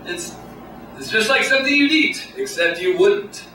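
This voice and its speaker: A man doing a stand-up comedy set on a small club stage, with a deadpan, halting delivery full of pauses. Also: high voice. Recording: echoey room, distant mic, noisy. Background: audience laughter.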